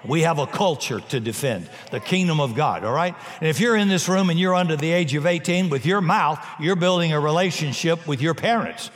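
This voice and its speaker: Male pastor, slightly high voice, emphatic sermon delivery with jokes, live in a reverberant church hall. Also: fairly quick, few pauses. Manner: emphatic preaching with humorous asides.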